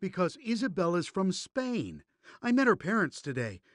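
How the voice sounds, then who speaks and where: A man's voice: sits high, very animated, normal speed, a bit bright, no echo, studio quality. A man voicing a kind, patient father in a children's cartoon, explaining things in a reassuring way.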